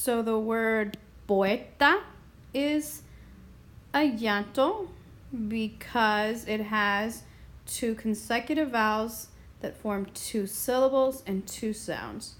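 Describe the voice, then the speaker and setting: A woman explaining a Spanish grammar lesson in a slow, deliberate way, stopping now and then to clear her throat. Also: on the high side. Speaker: Spanish teacher.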